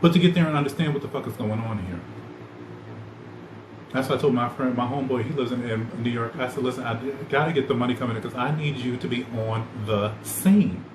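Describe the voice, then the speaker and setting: A man hosting a podcast, rambling loosely in animated, slangy casual chat. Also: mid-range voice, brisk. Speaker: podcast host. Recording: echoey room with loud ambient noise.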